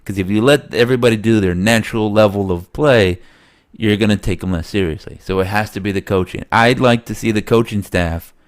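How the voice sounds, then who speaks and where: A man co-hosting a sports podcast in casual chat, slightly nasal, rambling and animated, laughing often. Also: on the low side, fairly quick, hardly any pauses. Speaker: podcast co-host.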